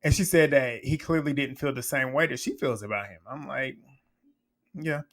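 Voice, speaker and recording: A man's voice: medium pitch, normal speed. A man with a mid-range voice running through a reality show recap in a loose, conversational way. He is blunt and unfiltered, swears freely, and breaks into laughter as he acts out the quotes. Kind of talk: casual episode recap commentary.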